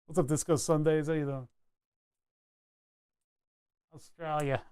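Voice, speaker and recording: A man with a slightly higher-than-average voice talks loosely to his live-stream viewers while he works at a home workbench. His tone is relaxed and self-deprecating, and he chuckles often. He speaks into a wired desk microphone. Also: moderate pace, clean tone. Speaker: streamer building electronics projects live. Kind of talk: casual live-stream chat while tinkering.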